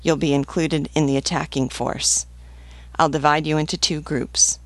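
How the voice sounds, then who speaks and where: A woman reading the part of a calm, decisive male commander in an audiobook reading. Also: deep voice, dry recording, lightly acted. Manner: measured, decisive.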